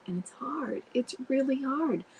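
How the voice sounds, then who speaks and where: A woman's voice: sits high, lively intonation, unhurried, vocal fry, a little mellow, slight background noise, low-quality recording. A woman coaching spouses in a live online Q&A, talking earnestly and directly and breaking off to act out what to say. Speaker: marriage coach answering viewer questions. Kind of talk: live Q&A advice talk. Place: home, streamed live online.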